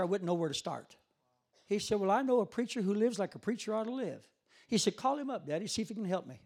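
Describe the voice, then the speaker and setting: A man preaching a sermon, retelling a story with quoted dialogue and building to loud, emphatic peaks. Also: sits high, lively intonation, fast.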